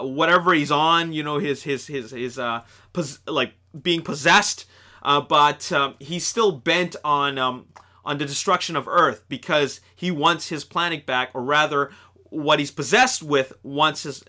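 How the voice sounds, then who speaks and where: A man hosting a casual video review, talking excitably and rambling with lots of fillers and restarts, recorded at home on a desktop microphone. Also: a little high. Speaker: host of a movie news channel. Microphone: desktop USB microphone.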